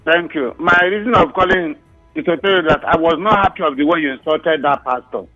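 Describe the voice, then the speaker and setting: Nigerian male caller, earnest and complaining, slightly high, lo-fi phone sound. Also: a little fast, over music. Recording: dull lo-fi phone line.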